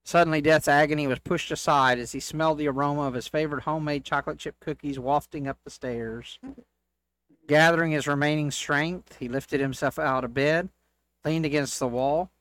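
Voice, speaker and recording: Slightly high-voiced man telling jokes. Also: steady tone, a little fast, fairly bright tone, no room sound. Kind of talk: reading church jokes aloud.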